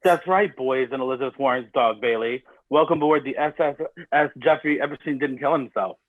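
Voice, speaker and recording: A man's voice: mid-range voice, brisk, no room sound, close to an everyday voice. A man playing a smug, menacing masked captor in a comedy stage reading, heard over a tinny phone-like line.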